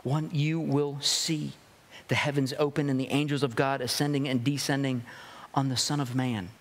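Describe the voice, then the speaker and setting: A man's voice: medium pitch, little pitch movement, normal speed, long reverb tail. A man pastor giving a sermon, reading scripture and preaching with emphatic rises and drops.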